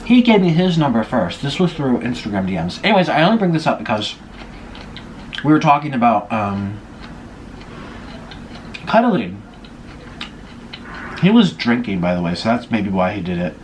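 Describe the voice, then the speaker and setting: A young man talks to his viewers between bites, spilling gossip in a lively, up-and-down voice. The delivery is loose and chatty. A faint hum of the room sits underneath. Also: mid-range voice, normal speed, long pauses. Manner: gossipy, chatty, eating while talking. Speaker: vlogger. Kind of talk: casual mukbang chat.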